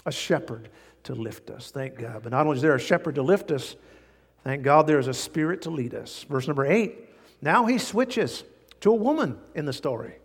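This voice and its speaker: A man preaching a sermon in an emphatic style that rises to animated outbursts. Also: fairly high pitch, normal speed, creaky, breathy edge. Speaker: pastor. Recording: long church hall reverb.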